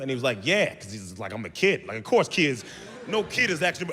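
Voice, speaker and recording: A man doing a stand-up set on stage, animated and acting out the people in his stories. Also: a little high, quick pace. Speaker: stand-up comedian. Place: comedy stage. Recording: live venue with big reverb and crowd. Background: audience laughter and crowd noise.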